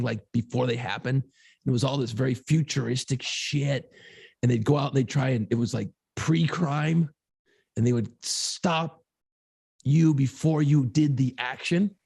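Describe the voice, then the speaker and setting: A man's voice: medium pitch, steady tone, normal speed, creaky, darkish tone, husky, dry recording, studio quality. A man co-hosting a podcast, chatting casually about movies in a rambling, easygoing way with casual swearing. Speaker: podcast co-host.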